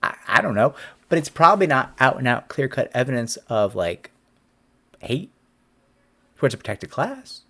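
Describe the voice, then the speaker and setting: Animated, conversational man in his forties. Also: medium pitch, normal speed, pauses often. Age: 40s. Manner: animated, conversational, acts out quotes. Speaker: employment attorney. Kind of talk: casual explanation to camera.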